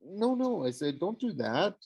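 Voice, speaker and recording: A man voicing an awkward, defiant teenage boy in an audiobook, flustered with quick retorts. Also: sits high, sing-song, vocal fry, darkish tone, husky, pitched above the performer's own voice, heavily acted. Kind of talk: audiobook character voice.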